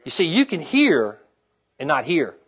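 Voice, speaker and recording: High-voiced man preaching a sermon. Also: huge pitch swings, measured pace, breathy edge. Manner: preaching with call-and-response, asking the congregation "okay?" and "amen?"; turns quiet and heartfelt when sharing his own trials. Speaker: pastor.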